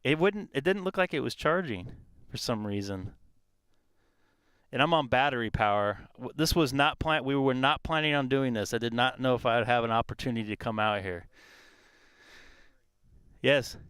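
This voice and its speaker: A man's voice: mid-range voice, normal speed, long pauses, a bit bright, clean tone, dry recording, clean studio sound. Chatty man rambling on a live stream. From California. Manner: rambling, chatty, lots of fillers. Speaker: ham radio live streamer. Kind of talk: casual live stream chat. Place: outdoors in a park.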